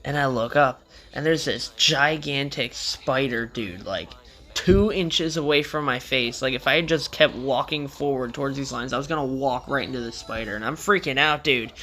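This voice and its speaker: A man's voice: mid-range voice, normal speed, sharp tone. A young man casually telling a rambling story in a vlog, with loose slangy talk and frequent swearing.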